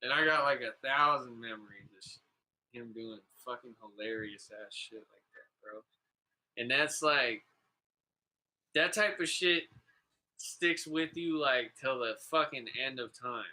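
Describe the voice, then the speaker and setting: Speaking unhurriedly in a mid-range, sharp-toned voice, a man hosts a podcast on a low-quality recording. He spins casual stories in a laid-back, profane way, calling people "bro" and filling his rambling talk with "like" and "you know."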